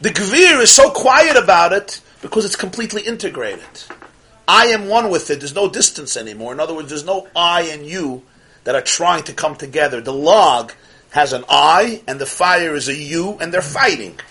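A man gives a passionate Chassidic lecture in a husky, bright voice that sits a little high for a man. He swings between loud outbursts and near-whispers and drops Yiddish and Hebrew terms into his English. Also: expressive, moderate pace. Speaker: Torah teacher.

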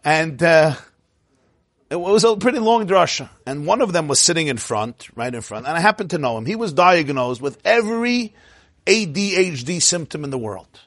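A man's voice: a little high, a bit bright, dry recording, clean studio sound. A man teaching an informal religious class, chatty and digressive, often laughing and quizzing his listeners. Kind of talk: informal Torah class lecture.

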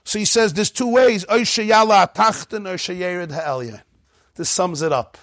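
High-voiced animated male Torah teacher. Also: normal speed, no echo, studio quality. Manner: animated, acts out dialogues in changing voices; mixes Hebrew text readings with English explanation. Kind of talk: lively Torah class lecture.

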